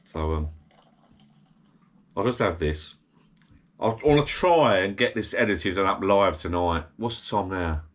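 A man's voice: low voice, lively intonation, unhurried, pauses often. A middle-aged man, slightly tipsy, rambling chattily to camera from his small garden shed bar. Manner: rambling, chatty, self-interrupting. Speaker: vlogger. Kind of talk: casual rambling chat to camera.

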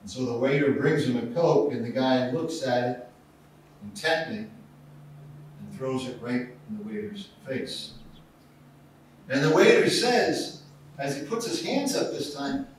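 A male pastor preaching a sermon, telling stories with animated, acted-out delivery. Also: medium pitch, a little slow, long pauses. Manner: storytelling with acted-out voices and rising intensity. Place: church sanctuary. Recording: echoey church sanctuary, from far off, faint noise.

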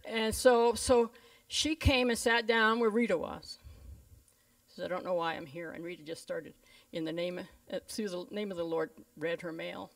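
A woman's voice: fairly low pitch, normal speed, creaky. A woman pastor, telling stories in a sermon and acting out the voices of the people in them. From Canada. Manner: lively storyteller who voices the people in her stories. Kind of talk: storytelling sermon. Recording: voice a bit distant from the mic.

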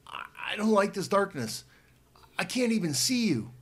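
Uneasy teenage boy in a storybook reading, voiced by a man, high-pitched, husky, hesitant. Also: big pitch swings, normal speed, a bit bright, exaggerated voice.

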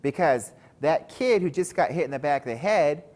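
A man's voice: a little high, animated, moderate pace, darkish tone. A man giving a chapel sermon to school children, telling a story and often calling them guys. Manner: storytelling, addresses listeners as guys.

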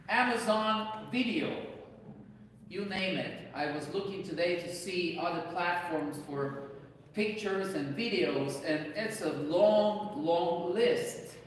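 A man's voice: sits high, slight background noise. A man in his forties with a Romanian accent, a priest giving a parish lecture in a conversational way with some restarts. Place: large echoey church hall. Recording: echoey hall from far off.

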